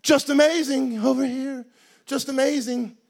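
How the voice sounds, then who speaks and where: A cheerful male tour guide calling to swimmers in a sing-song, upbeat lilt, put on by a man. The voice sits high and carries easily. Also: steady tone, measured pace, vocal fry, darkish tone, heavily acted. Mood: cheery.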